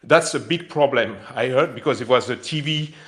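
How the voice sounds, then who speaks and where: A man with a French accent calling into a live audio chat, speaking emotionally and haltingly with many pauses. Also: mid-range voice, a bit bright. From France. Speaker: caller. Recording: online voice chat.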